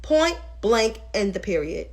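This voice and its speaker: A woman's voice: medium pitch, very animated, unhurried, a little hiss or hum. A woman hosting a political commentary livestream, ranting heatedly and with lots of swearing, and answering viewers' comments as she goes. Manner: talks back to viewers' comments.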